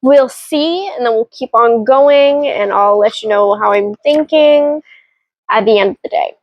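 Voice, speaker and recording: A woman giving casual, excitable reading updates as a book vlogger, gushing and often giggling. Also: fairly high pitch, a little slow, dull audio.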